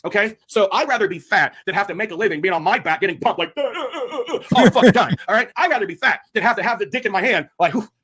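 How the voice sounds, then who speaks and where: A man streaming a crude, mocking rant with sudden shouting bursts. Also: high-pitched, rapid-fire, hardly any pauses, husky. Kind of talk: ranting livestream commentary.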